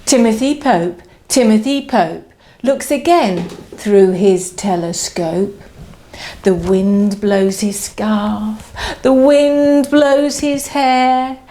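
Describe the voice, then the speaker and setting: A female nursery teacher reads a picture book aloud to young children, lively and sing-song, encouraging them to join in. Her medium-pitched voice moves extremely slowly.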